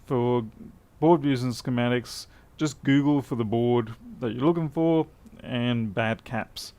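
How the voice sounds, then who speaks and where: A warm, mid-range voice belongs to an Australian repair streamer who speaks a little slowly while working, chatting dryly and responding to viewers' questions. The recording is dry.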